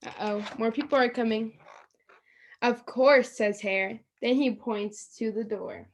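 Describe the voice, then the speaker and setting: Woman, storytime reader on a video call. Slow, higher-pitched and expressive, with chatty asides to the kids. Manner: slow, expressive read-aloud with pointing asides. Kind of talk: reading a picture book aloud to children.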